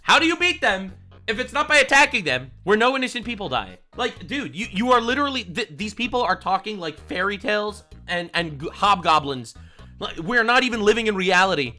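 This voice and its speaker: A young man doing a reaction stream in a bright, forceful, slightly high voice. He is incredulous and excitable, swinging from loud disbelief to quick asides, with faint music playing behind him. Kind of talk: reaction commentary.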